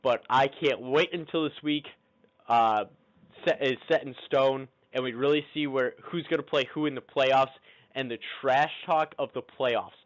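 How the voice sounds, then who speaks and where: A man's voice: medium pitch, unhurried. A young man giving casual fantasy football commentary, cocky and trash-talking as he builds hype for the playoffs. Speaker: fantasy football league podcaster. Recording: dull lo-fi recording.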